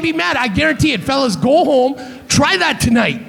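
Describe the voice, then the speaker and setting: A man's voice: very high-pitched, big pitch swings, moderate pace, creaky, a bit bright. A man doing live stand-up comedy with a Canadian accent, brash and profane, teasing the crowd from a theater stage. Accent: Canadian English.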